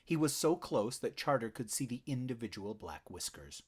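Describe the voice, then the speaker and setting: A man narrating an animal fantasy audiobook in a measured, dramatic storytelling manner. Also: mid-range voice, very animated, slightly rough.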